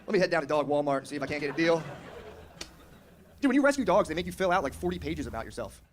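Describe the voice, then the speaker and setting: A man's voice: fairly high pitch, very animated, fast talker, pauses often, noisy background. A man doing a stand-up comedy set, brash and crude, talking casually and slipping into mocking voices.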